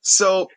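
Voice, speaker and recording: Bright-voiced chatty male podcast host. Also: sits high, slightly rough, no room sound. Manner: animated, chatty, with filler words. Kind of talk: casual storytelling recap. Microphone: live-stream setup.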